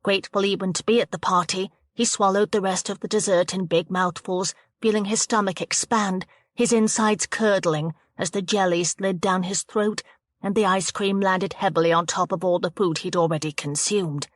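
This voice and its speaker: A woman reading a thriller audiobook aloud in a steady, measured narration. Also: medium pitch, no echo, clean studio sound. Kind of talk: scripted narration of a thriller novel.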